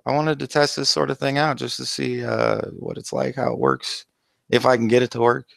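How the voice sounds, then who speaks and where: A man's voice: mid-range voice, expressive, brisk, gravelly, a bit bright, dry recording. A man hosting a casual call-in livestream, rambling and swearing and restarting his sentences, heard through a headset. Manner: rambling, profane, laughs often, restarts sentences.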